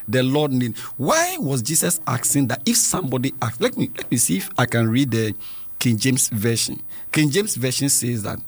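Husky-voiced man hosting children's radio. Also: mid-range voice, animated, moderate pace. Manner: chatty, teacherly, repeats words. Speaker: children's radio program host. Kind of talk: radio talk show, reading scripture to children.

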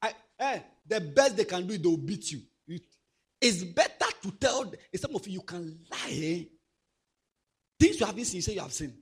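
A man preaching a sermon to young people. He swings from soft asides to loud exhortation. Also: high-pitched, expressive, moderate pace, slightly rough.

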